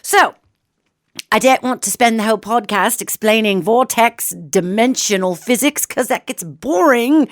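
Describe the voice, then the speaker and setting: A middle-aged woman hosting a solo talk show on metaphysics, hoarse from a cold, chatty and animated as she addresses her listeners. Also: fairly high pitch, measured pace, no echo, clean studio sound. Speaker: radio show host.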